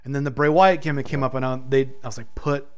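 A man's voice: medium pitch, quick pace, clean tone. A man chatting casually about wrestling with friends, telling stories with a lot of swearing and acted-out reactions. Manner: profane, animated storytelling with quoted reactions. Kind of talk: casual chat.

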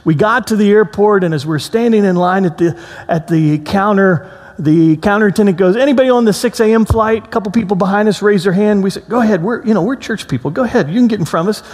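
Animated storytelling pastor in a reverberant hall. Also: male voice, high voice, fast. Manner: storytelling, animated, acts out quotes in a raised voice. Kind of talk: sermon. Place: church sanctuary.

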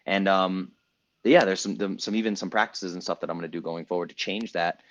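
A man's voice: low voice, fairly even intonation, fairly quick, highs cut off. A man in his thirties hosting a group coaching call, talking emphatically and casually, repeating himself for effect and swearing now and then. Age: 30s. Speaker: coach and podcast host.

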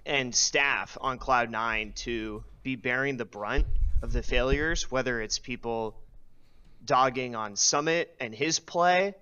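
A man calling in to a show, laying out a prepared opinion at length in an articulate, steady way. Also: mid-range voice, slow, clear, resonant tone. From US West Coast. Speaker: caller. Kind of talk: call-in opinion take. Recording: dull lo-fi call audio.

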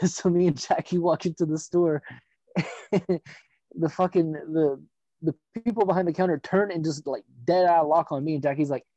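In a casual chat, a man with a slightly high voice spins a long, profane, rambling story, animatedly performing the people he quotes. The audio is dull and dry, with no room sound.

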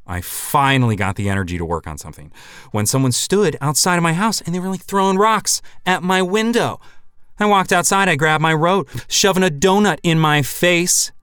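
A man hosts a comedy podcast in a deadpan, scripted monologue that keeps swerving into loud, mock-outraged shouting. His voice is smooth and resonant, recorded on a close mic with a completely dry sound. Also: medium pitch, normal speed, no echo. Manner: deadpan, swings into loud mock-indignant bursts.

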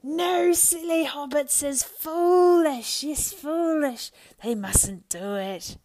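A woman voicing a wretched, sly male creature who hisses, shrieks and whines in drawn-out, pleading words, in an audiobook. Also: mid-range voice, big pitch swings, vocal fry, mellow, slightly rough, pitched above the performer's own voice, exaggerated voice. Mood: whining. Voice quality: hissing, shrieking, whiny. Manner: drawn-out, pleading, lisping wheedle. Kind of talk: audiobook character voice.

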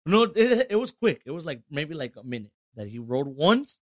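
Animated man telling stories. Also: a little high, moderate pace, no echo, studio quality. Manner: animated, heavy swearing, acts out quotes. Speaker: podcast guest. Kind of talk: casual storytelling.

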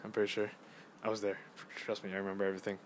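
Rambling, excitable young man podcasting. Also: on the low side, very fast, a little hiss or hum. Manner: rambling and excitable, many fillers and restarts. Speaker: podcast host. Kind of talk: casual solo podcast storytelling. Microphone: phone.

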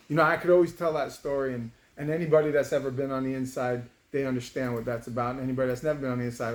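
A man in his fifties, a former prisoner, telling a personal story in a casual, emotional way, with many halts and restarts. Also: mid-range voice. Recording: roomy room with faint background noise.

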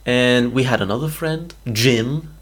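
Picture a young man, co-hosting a casual podcast chat about gadgets. His voice sits in an ordinary middle register. He talks animatedly and keeps checking in with a quick "okay?". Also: medium pitch. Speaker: podcast co-host.

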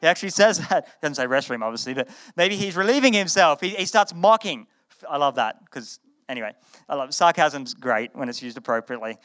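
Smooth-voiced man preaching casually. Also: fairly high pitch, a little fast. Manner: conversational, animated retelling with repeated words. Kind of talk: sermon. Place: in front of a live audience.

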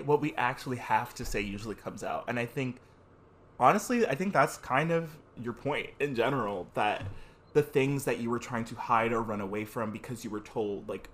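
A man's voice: mid-range voice, normal speed, slight background noise. A man hosting a reflective conversation, thoughtfully summing up and rephrasing what his guest says. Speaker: host.

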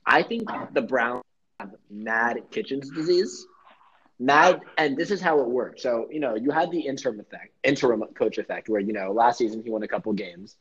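A man's voice: mid-range voice, expressive, normal speed, fairly bright tone, slight background noise. A young man hosting a casual sports podcast, rambling through jokey theories and swearing freely. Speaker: podcast host. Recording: muffled lo-fi podcast audio.

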